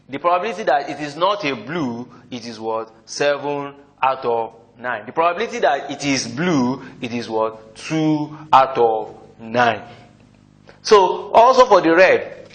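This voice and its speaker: A man's voice: mid-range voice, a bit bright. Echoey man teaching a math lesson. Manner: keeps asking the class "what?", answers his own questions. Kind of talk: classroom lecture. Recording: echoey room, voice slightly distant.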